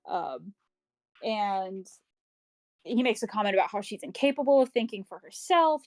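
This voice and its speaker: A woman's voice: medium pitch, lively intonation, a little mellow, no echo, soft background music, rough recording. A woman co-hosting a podcast, recapping a novel in casual, rambling talk full of fillers and the odd swear word. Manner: acts out characters' lines in quick paraphrase. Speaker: podcast co-host. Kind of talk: casual book club chat.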